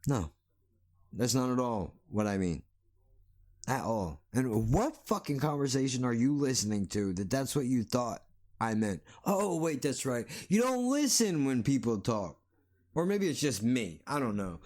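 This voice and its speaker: A man's voice: medium pitch, animated, unhurried, a little mellow. A man hosting a solo podcast, ranting bluntly and sarcastically with plenty of swearing. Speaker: podcast host.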